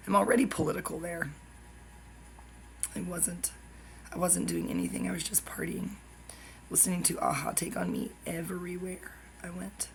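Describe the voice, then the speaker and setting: A woman's voice: fairly low pitch, fairly even intonation, normal speed, gravelly, pauses often, fairly bright tone, poor audio. A woman YouTuber talking in a rambling, stream-of-consciousness monologue, jumping between topics and dropping into whispered asides.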